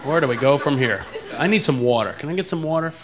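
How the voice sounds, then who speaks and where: A man's voice: fairly high pitch, expressive, fast. A male stand-up comedian from the eastern United States, joking playfully about his own way of talking. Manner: playful, self-mocking, plays with his own accent. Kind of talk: stand-up routine on stage. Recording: noisy live club with loud crowd. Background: loud audience laughter.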